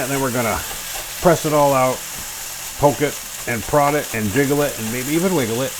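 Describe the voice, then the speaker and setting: A man's voice: mid-range voice, brisk, noisy background. Goofy man cooking in his kitchen. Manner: goofy, talks to himself, silly sound effects. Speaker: home cooking vlogger. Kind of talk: casual cooking chat. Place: small home kitchen.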